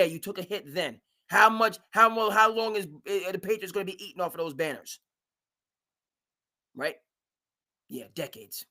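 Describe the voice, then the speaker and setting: Bright-voiced, emphatic sports talk host man. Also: on the high side. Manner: animated, emphatic, mimics owners in asides. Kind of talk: live sports talk stream.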